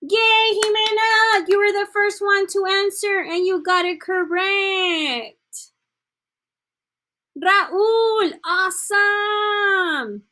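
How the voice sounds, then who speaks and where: Slow, bright-voiced woman teaching a class. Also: extremely high pitch. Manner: encouraging, praising students by name; slips between English and Spanish. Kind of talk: online class lesson.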